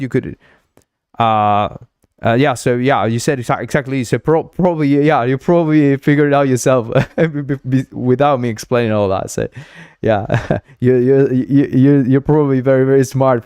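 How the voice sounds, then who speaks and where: A man's voice: medium pitch, moderate pace, darkish tone, clean tone, no echo, studio quality. Laughing, rambling man from Uruguay. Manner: rambling, joking, laughs often, many restarts. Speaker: livestream host. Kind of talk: casual livestream chat.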